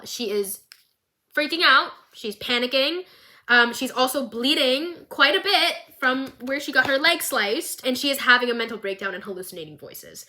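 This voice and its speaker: A woman's voice: high-pitched, expressive, normal speed, sharp tone. A young woman recapping a show for her viewers in a chatty, gushing, playfully dramatic way, with asides. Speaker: video creator.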